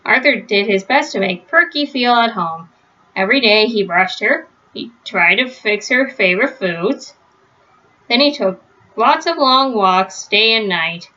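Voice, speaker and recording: A woman reading a children's storybook aloud in a steady, gentle storytelling manner. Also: on the high side, a little slow, lo-fi sound. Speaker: storybook reader. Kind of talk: children's read-aloud narration.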